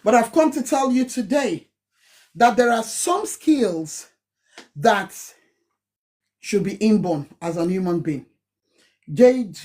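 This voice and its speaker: A woman's voice: mid-range voice, mellow. A woman with a Nigerian accent hosting a live stream, speaking emphatically and repeating her points. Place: home in Manchester.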